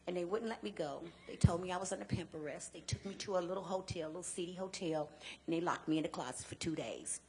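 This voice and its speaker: With a lowish, mellow voice and slight background noise behind her, this guest speaker and advocate from Chicago, United States, shares her personal testimony. Her storytelling is earnest, with emphatic repetition and halting restarts whenever the memories grow emotional.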